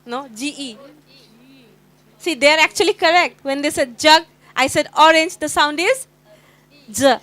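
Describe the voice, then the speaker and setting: A high-pitched Indian woman trainer leads a phonics session for teachers. She sounds out each letter again and again and keeps quizzing the room. Her voice is bright and sharp. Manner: sounds out letters slowly and repeatedly, quizzing the group.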